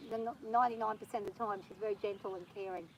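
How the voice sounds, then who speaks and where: A woman vlogging from horseback on her farm, talking nervously and gently soothing her horse. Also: medium pitch, fairly even intonation, very fast, a little hiss or hum, poor audio. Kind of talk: casual spoken vlog.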